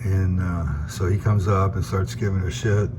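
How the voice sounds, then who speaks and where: Low-voiced laid-back man retelling a comic. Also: moderate pace. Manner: laid-back, rambling, lots of fillers. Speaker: comics video host. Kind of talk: casual retelling of a comic story. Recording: steady background noise.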